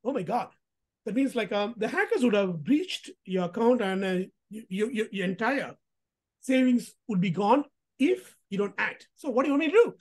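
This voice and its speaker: A woman voicing a smooth, persuasive male scam caller who gives calm, reassuring instructions. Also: mid-range voice, moderate pace.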